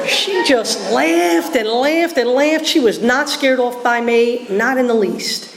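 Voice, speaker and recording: A woman with a Philadelphia accent giving a personal testimony to a meeting, animated and acting out voices, laughing often. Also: a little high, takes it slowly, vocal fry, hardly any pauses. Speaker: recovery meeting speaker. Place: meeting hall. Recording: roomy hall echo, faint background hum.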